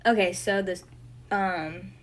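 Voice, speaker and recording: A woman's voice: mid-range voice, fairly even intonation, slow, low-quality recording. A young woman hosting a livestream in casual chat, flustered and losing her train of thought, with many "like" fillers. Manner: heavy use of "like" fillers. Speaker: livestream host.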